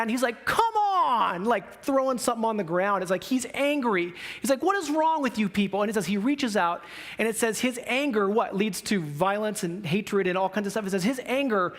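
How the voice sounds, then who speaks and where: High-voiced man preaching a casual sermon. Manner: conversational preaching with emphatic rises. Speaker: pastor. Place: church sanctuary.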